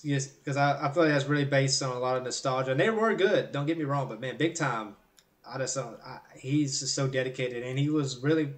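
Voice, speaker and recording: A man's voice: medium pitch, fairly quick, recorded from a distance. Rambling young man, a little off-mic. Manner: rambling, lots of fillers, enthusiastic. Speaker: podcast co-host. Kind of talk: casual podcast chat. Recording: voice set back from the mic.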